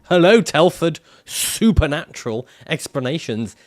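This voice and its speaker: A man's voice: on the high side, very animated, unhurried. A man livestreaming casually, reading out viewer comments and answering them in a jokey, profane way and laughing often.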